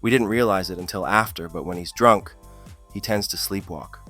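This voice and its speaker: A man's voice: deep voice, normal speed, sharp tone, faint music behind. A man narrating funny stories in a scripted style, with a dry comic delivery that lifts on the punchlines. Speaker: storyteller.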